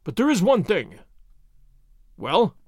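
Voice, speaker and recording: A man voicing a weary, pompous colonial governor who gives in grudgingly, in a slow, lower voice. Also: wildly swooping pitch, darkish tone, slightly rough, no room sound, studio quality, full character voice. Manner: exasperated, weak and grudging.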